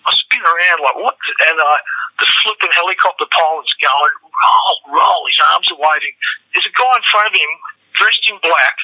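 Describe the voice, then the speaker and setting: A middle-aged Australian man with a fairly high voice tells wild stories in a colourful, slangy, profane way. The sound is dry and close, but the recording is slightly dull and muffled. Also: fairly quick, dry recording. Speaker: guest, news cameraman. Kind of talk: animated anecdote telling.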